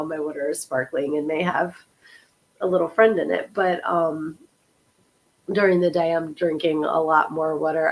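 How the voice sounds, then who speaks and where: Hoarse and sniffly from a cold that has lingered, this slightly low-voiced woman in her fifties, a podcast host and author, apologizes for how she sounds. She casually chats with her livestream audience and greets people by name.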